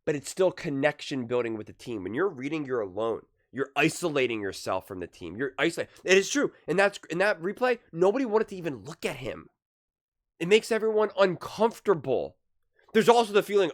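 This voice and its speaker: A man's voice: on the high side, fairly quick. A young man giving casual, emphatic sports commentary, often acting out what others say. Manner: animated, emphatic, acts out quoted voices. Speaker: commentator reacting to a sports debate show.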